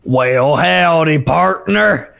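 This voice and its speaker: A woman doing a gruff cartoon toad sheriff, low cowboy drawl, lively. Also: drawn-out words, faint music behind, heavily acted.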